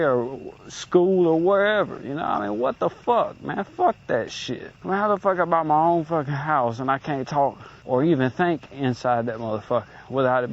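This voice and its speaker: A man's voice: a little high, muffled recording. A man in his late twenties venting in a profane, agitated rant, recorded outdoors on a handheld recorder. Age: late 20s.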